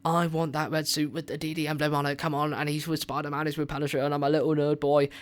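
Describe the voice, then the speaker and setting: A man hosting a movie review radio show, chatting casually and excitedly with lots of filler words. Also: a little high, fast talker, dry recording.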